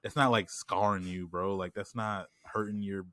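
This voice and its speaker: A man's voice: deep voice, fairly even intonation, moderate pace, a bit bright, dry recording, clean studio sound. A man co-hosting a podcast in casual chat, rambling with lots of filler phrases and a New York accent. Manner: rambling, lots of "like" and "you know what I'm saying". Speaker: podcast co-host.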